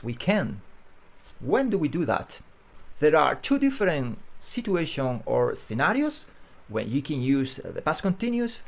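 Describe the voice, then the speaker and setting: Animated male English teacher. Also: medium pitch, vocal fry. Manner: animated, emphatic, repeats key phrases. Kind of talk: grammar lesson to camera.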